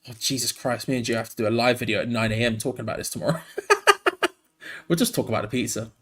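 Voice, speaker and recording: Male host, tired, live fan commentary over a match, loose and rambling, medium-pitched voice. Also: steady tone, fast talker, slightly rough. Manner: rambling and frank, cutting between play-by-play and asides. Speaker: host of a fan channel watch-along.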